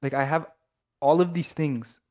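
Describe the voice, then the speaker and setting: A man's voice: fairly high pitch, fairly even intonation, measured pace, darkish tone. A young man from Canada, co-hosting a podcast in casual chat, rambling and swearing with lots of restarts. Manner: rambling, loose, swears a lot, many restarts. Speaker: podcast co-host.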